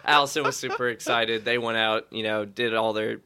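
Male co-host, gravelly voice, easygoing teasing banter. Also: lowish voice, steady tone, fairly quick, bright, forceful tone. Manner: laid-back, teasing banter. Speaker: podcast co-host. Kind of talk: casual chat.

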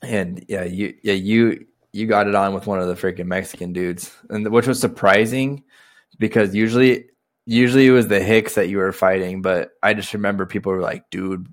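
A young adult man co-hosting a casual podcast, relaxed and reacting with short exclamations. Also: on the low side, a little fast. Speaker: podcast co-host. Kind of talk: casual chat.

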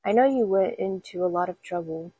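A woman voicing a particular widow at a funeral parlor, in a quiet husky storybook reading. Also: lowish voice, fairly quick, no echo, rough recording. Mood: fussy. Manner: particular, polite complaining.

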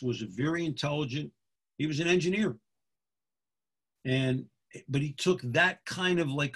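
Speaking in a slightly high, creaky, somewhat rough voice, this middle-aged Pennsylvanian is a football official giving a folksy talk to fellow officials. He keeps repeating his points and checking in with "okay?"

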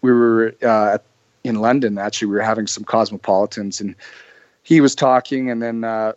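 A man's voice: lowish voice, fairly even intonation, moderate pace, darkish tone, no echo. A young man from Canada, a podcast guest telling stories casually, rambling with restarts. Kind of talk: casual storytelling. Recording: dry muffled lo-fi audio.

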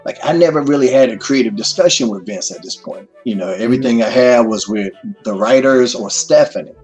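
A middle-aged man telling stories as a guest in a casual interview, animated and full of profanity. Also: mid-range voice, fairly quick, faint music behind.

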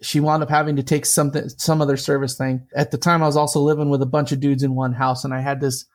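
A man telling a personal story in a casual conversation, animated and chatty, with lots of asides. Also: mid-range voice, fast talker.

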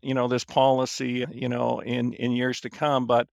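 A man in his fifties, appearing as a guest on a finance podcast, tells his story casually, rambling with lots of fillers and restarts. His voice is medium-pitched, monotone, and darkish with vocal fry, at a moderate pace. The recording is dry and clean, with a studio sound.

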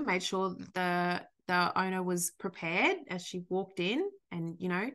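An Australian woman, a dog trainer co-hosting a podcast, chatting casually and telling animated stories. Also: on the low side. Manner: animated storytelling, frequent laughter, loose swearing. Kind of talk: casual chat.

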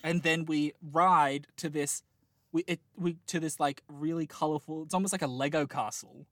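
A man's voice: a little high, steady tone, normal speed, a bit bright, no echo, clean studio sound. A man in his late twenties chatting casually, telling a long rambling dream with lots of laughter and restarts. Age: late 20s. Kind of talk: casual chat, dream storytelling.

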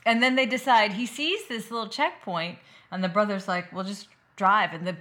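A woman's voice: mid-range voice, lively intonation, a little fast, a bit bright. A woman co-hosting a podcast, retelling a movie's plot step by step in casual chat with agreeing fillers. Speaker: podcast co-host.

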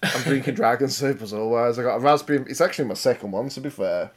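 A man's voice: medium pitch, quick pace. A man with a British accent co-hosting a podcast, bantering casually in a teasing, slangy way. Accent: British English. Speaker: podcast co-host.

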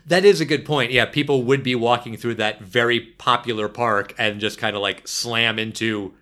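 A man chatting on a podcast in a bright, forward voice. He talks in an animated, wry way, full of casual fillers. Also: mid-range voice, normal speed. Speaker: podcast co-host.

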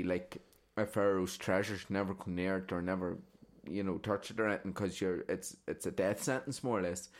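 A man telling rambling stories on a casual podcast, swearing and tagging "right?" onto sentences. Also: lowish voice. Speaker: podcast co-host. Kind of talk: casual storytelling chat.

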